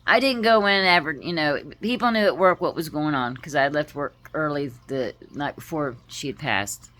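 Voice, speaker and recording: Low-voiced woman telling a heartfelt story. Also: lively intonation, fairly bright tone. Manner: heartfelt, halting, with frequent pauses and restarts. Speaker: vlogger. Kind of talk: personal storytelling to camera.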